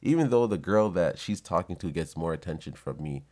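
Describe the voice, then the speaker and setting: Young man, low voice, blunt and profane, for a casual vlog monologue. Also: animated, brisk, a little mellow. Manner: blunt and profane, heated storytelling. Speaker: vlogger.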